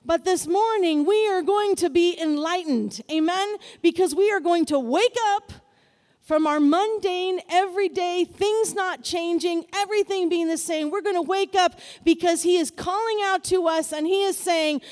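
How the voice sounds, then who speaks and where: High-voiced woman preaching in a reverberant hall. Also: moderate pace. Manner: animated, builds to loud exclamations. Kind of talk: sermon.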